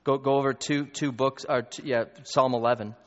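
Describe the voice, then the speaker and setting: A man preaching a sermon as pastor, emphatic and building to loud peaks, with quick asides to the congregation. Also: mid-range voice, steady tone. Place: church hall. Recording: long reverb, dull lo-fi.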